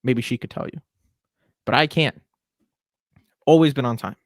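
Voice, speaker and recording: A man's voice: mid-range voice, moderate pace, no echo, studio quality. A man in his twenties hosting a podcast, giving a chatty, opinionated rant in a casual style. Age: 20s. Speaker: podcast host.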